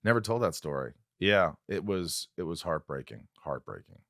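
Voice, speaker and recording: Speaking at a normal speed, this male podcast host animatedly recounts an emotional story in a relaxed chat, voicing other people's quotes with wide swings in pitch. The sound is clean, dry and studio-grade.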